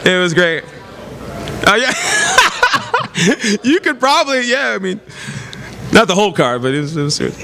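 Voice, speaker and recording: A man preaching a sermon, telling lively stories with laughs and exclamations. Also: high-pitched, normal speed, gravelly, pauses often. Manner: animated storytelling with laughs and exclamations. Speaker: pastor. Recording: long hall reverb, faint noise.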